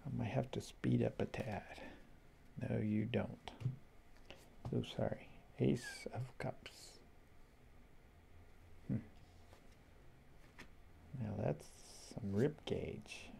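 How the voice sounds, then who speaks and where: A man slowly flipping through a tarot deck, musing aloud to himself in a casual, rambling way. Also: mid-range voice, vocal fry, mellow, slight background noise. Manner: slow, musing, talks to himself. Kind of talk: casual flip-through commentary.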